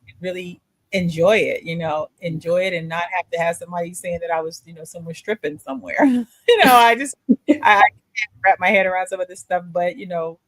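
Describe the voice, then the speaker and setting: A woman's voice: on the low side, steady tone, fast talker, fairly bright tone, dry recording. A woman in a casual livestream chat, talking reflectively and often asking "you know what I'm saying". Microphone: streaming call mic.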